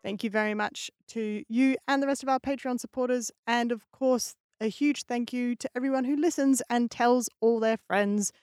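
A woman's voice: a little high, steady tone, normal speed, hardly any pauses, darkish tone, smooth, dry recording, faint music behind. Under-the-weather woman, playful. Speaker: podcast co-host. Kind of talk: casual chat.

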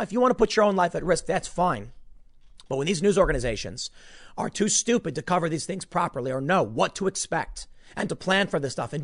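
Exasperated man ranting on his commentary show. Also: on the high side. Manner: emphatic, exasperated, repeats words when heated.

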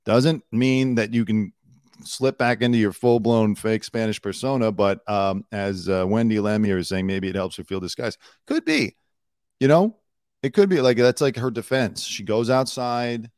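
A man's voice: fairly low pitch, moderate pace, darkish tone, dry recording, clean studio sound. A man hosting a casual celebrity news show, talking bluntly and sarcastically and swearing now and then.

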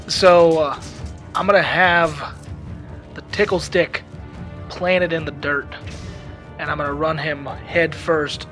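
A player in a tabletop game, excitable and swearing. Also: medium pitch, slow, long pauses, soft background music. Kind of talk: casual game chat.

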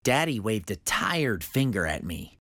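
A woman reading a children's picture book aloud with lively expression. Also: very deep voice, measured pace, no room sound, clean studio sound. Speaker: storybook reader.

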